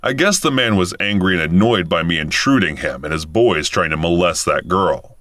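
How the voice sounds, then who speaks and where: A man in his thirties narrating a first-person story in a calm, matter-of-fact way. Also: low voice, moderate pace, dry recording. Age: 30s.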